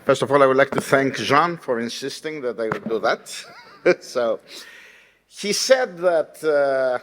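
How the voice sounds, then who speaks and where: A man's voice: medium pitch, expressive, unhurried, fairly bright tone, a little hiss or hum. Man, vote of thanks, jovial, teasing, hesitant, echoing hall. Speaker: colleague giving vote of thanks. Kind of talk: speech of thanks. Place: lecture hall. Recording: long hall reverb.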